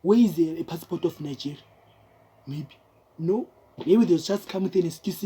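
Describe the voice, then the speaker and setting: A woman's voice: on the low side, moderate pace, pauses often, dark tone, slight background noise. A young South African woman with a South African accent, talking straight to her viewers in casual, emphatic commentary, repeating herself and calling them guys.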